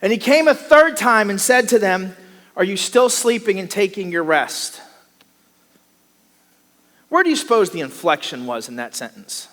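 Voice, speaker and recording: A man preaches a sermon, his voice high-pitched and bright as he gets animated and slips into the voices of the people he describes. His words ring out into a long hall reverb. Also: normal speed, pauses often. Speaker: pastor. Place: church sanctuary.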